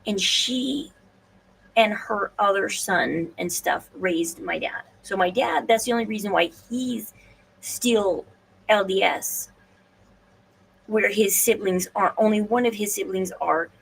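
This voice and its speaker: Casual solo host, female, gravelly voice, rambling and hesitant, recorded from a distance. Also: medium pitch, takes it slowly. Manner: rambling, hesitant, restarts and fillers. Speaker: podcast host. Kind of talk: casual solo livestream talk. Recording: distant mic, faint room noise.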